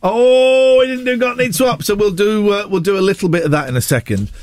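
A man's voice: high voice, a little fast, dry recording. A man presenting a morning radio show, playful and upbeat, with sing-song asides. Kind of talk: lively morning radio chat. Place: radio studio. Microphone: studio microphone.

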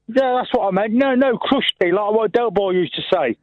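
A man's voice: sits high, moderate pace, no room sound. A man calling in to a radio show, who slurs and mispronounces his words. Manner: mispronounces words, short-tongued. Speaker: caller. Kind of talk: phone-in chat. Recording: dull phone line.

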